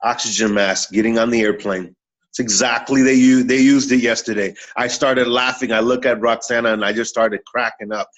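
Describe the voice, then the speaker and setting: A man's voice: medium pitch, fairly even intonation, normal speed, fairly bright tone, highs cut off. A man who is a regular on a morning talk show, giving an earnest, repetitive motivational talk in a preachy way.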